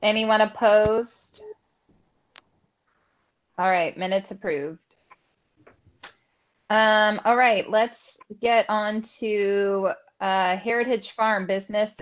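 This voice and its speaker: A woman's voice: mid-range voice, fairly even intonation, slow, long pauses. Woman chairing a board meeting, casual with many fillers, muffled lo-fi sound.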